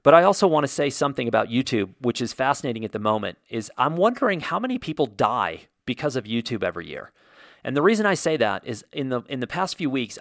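Male podcast host, solo monologue, mid pitch, blunt opinionated ranter, dry close recording. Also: a bit bright, dry recording. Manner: blunt, opinionated, ranting with mild swearing.

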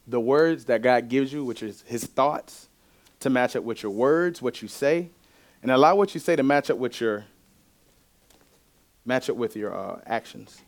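A man's voice: mid-range voice, expressive, unhurried. Man preaching a conversational sermon. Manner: conversational preaching, asks the congregation questions. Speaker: pastor. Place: church.

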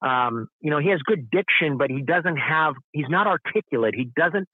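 A man on a tinny phone line, his voice fairly high, talking casually as a caller. He stumbles, repeats words and fills gaps with "you know". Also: animated, normal speed, no room sound. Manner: hesitant, repeats words, many fillers. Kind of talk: casual chat.

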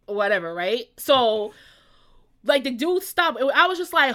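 A woman's voice: sits high, fairly quick. A woman co-hosting a casual podcast chat, telling stories and acting out voices as she goes. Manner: animated, acts out voices in her stories. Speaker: podcast co-host.

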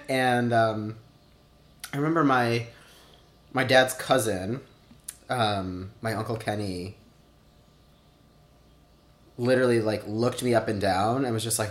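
An oral history interviewee in his thirties tells personal stories casually, full of "like" fillers and acted-out quotes. His voice sits on the low side with fairly even intonation, going a little slow and pausing often, in an echoey room.

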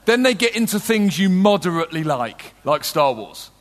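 British male preacher, middle-aged, high-pitched, humorous storytelling sermon, long hall reverb. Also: big pitch swings, normal speed.

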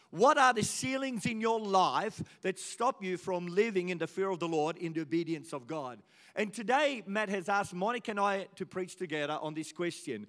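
A man in his sixties preaching and telling stories, his voice rising loud and dropping soft as he goes. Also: high voice, normal speed. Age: 60s. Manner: animated storytelling, swings from loud to soft. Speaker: pastor. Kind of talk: sermon. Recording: reverberant church hall.

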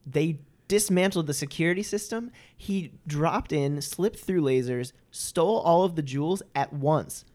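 A man in casual movie-review chat with friends, animated and swearing as he acts out scenes. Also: on the high side, a little slow, few pauses.

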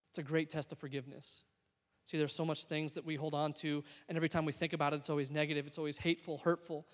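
A young male preacher telling a story in a sermon. He swings between hushed moments and excited bursts in a high voice. A long reverb from the hall trails behind him.

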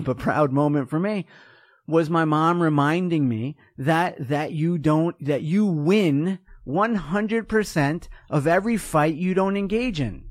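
Male podcast host, upper voice, animated and joking, dry close sound. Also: fairly high pitch, no room sound. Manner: animated, jokey, acts out voices. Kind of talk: casual chat.

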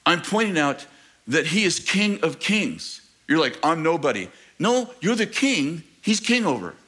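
A middle-aged man preaching a sermon to his church, animated and joking with the congregation, asking rhetorical questions. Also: high-pitched, measured pace. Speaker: pastor. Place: church sanctuary.

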